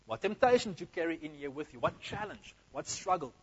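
A man's voice: fairly high pitch, very animated, fairly quick, gravelly, husky, dull audio. A man preaching a sermon, talking to the congregation directly with energy and in a conversational way.

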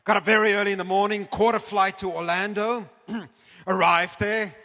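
A man telling a story in an animated sermon, often calling his audience folks and clearing his throat. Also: high voice, moderate pace. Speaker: preacher. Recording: long hall reverb.

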